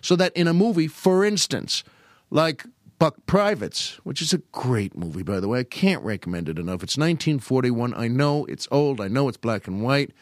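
A man's voice: moderate pace, dry recording, studio quality. An older man hosting a podcast, telling casual stories about old comedy and often slipping into put-on voices. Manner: animated, slips into high put-on voices quoting old comedians. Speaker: podcast host. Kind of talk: casual storytelling monologue.

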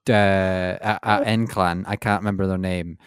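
A man's voice: low-pitched, steady tone, clear, resonant tone, dry recording, clean studio sound. A young man co-hosting a film podcast, chatting casually and often stumbling and restarting as he searches for words. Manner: halting, loses his words and restarts. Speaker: podcast co-host.

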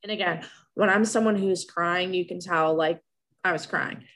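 A woman's voice: on the low side, fairly even intonation, moderate pace, a bit bright. A young woman telling a personal story in casual talk, emotional and rambling, with many restarts.

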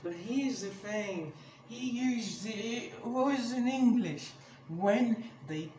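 High-voiced man ranting angrily on a podcast. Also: slow pace. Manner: angry, swears a lot, many restarts. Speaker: podcast host. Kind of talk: casual ranting monologue. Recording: echoey room with clear background noise.

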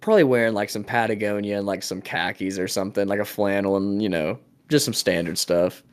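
A man's voice: on the low side, steady tone, fairly quick. Laid-back young man telling stories. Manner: laid-back storytelling, laughs often, many fillers. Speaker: podcast co-host. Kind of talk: casual chat.

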